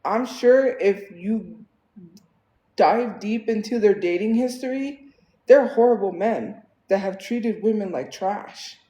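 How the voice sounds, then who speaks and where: A woman's voice: medium pitch, slow pace, dark tone, reverberant, low-quality recording. A woman livestreaming, venting in a casual, exasperated way with lots of fillers.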